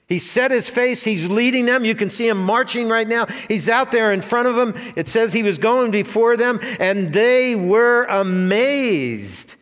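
A man's voice: high-pitched, a bit bright. A man preaching a sermon to his congregation, earnest and full of rhetorical questions. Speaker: pastor. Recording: long hall reverb.

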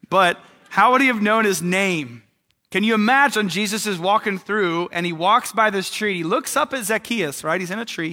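A young man preaching a casual, animated sermon, joking with the congregation and checking in with "right?". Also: sits high. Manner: animated, jokey, conversational, with frequent "right?".

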